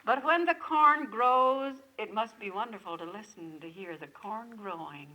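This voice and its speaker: A woman's voice: medium pitch, measured pace, sharp tone, low-quality recording. An older woman speaking at a lakeside retreat camp, giving a devotional talk full of effusive rhetorical questions to her listeners.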